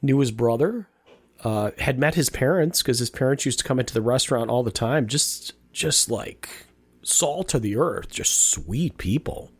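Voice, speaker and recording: A man's voice: mid-range voice, expressive, moderate pace, breathy edge, dry recording. A man in his fifties, a podcast host telling a personal story in a casual, rambling way, with many restarts and repeated words. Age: 50s.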